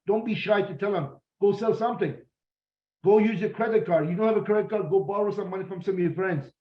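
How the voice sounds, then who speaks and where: A man's voice: high voice, reverberant, dull audio. A man speaking as a business recruiter and mentor in a motivational talk, blunt and direct, often repeating himself.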